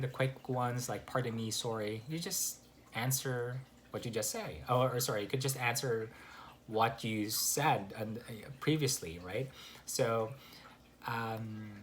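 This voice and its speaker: A man giving a casual spoken English lesson, relaxed and full of fillers and restarts. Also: medium pitch, slight background noise. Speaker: English teacher. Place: Canada.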